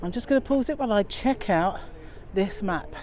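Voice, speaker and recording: A woman's voice: mid-range voice, expressive, moderate pace, a little mellow. A woman chatting casually as she vlogs a walk over a windy river bridge, a bit out of breath, filmed on a handheld phone. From England. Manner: chatty and rambling, many fillers. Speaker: vlogger. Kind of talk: casual walking vlog. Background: wind and passing aircraft.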